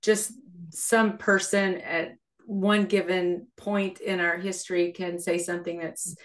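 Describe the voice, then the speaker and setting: Lady host of a faith podcast, encouraging, asks long wandering questions, lowish voice. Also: level tone, measured pace. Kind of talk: interview questions, affirming.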